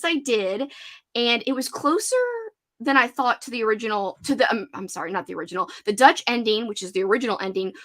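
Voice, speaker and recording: Her voice a little high and somewhat bright, a young female host chats casually with a muted Louisiana accent. She laughs frequently and leans heavily on filler words.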